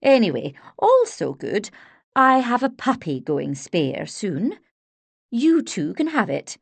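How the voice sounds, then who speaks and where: A woman reading an audiobook, voicing a blunt, brisk woman who breeds dogs and speaks loudly and matter-of-factly. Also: medium pitch, wildly swooping pitch, creaky, no echo, heavily acted. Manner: blunt and loud, matter-of-fact.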